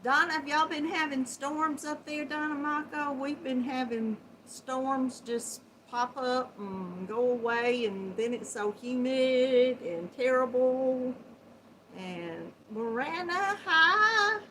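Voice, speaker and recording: Her voice is high, and her accent is Southern Georgia as she hosts a casual yarn chat livestream, sitting at a computer at home and using the built-in laptop mic. Slow and chatty, she laughs often and greets viewers in a warm, folksy way as hon and sweetheart. The audio is poor, with a little hiss or hum.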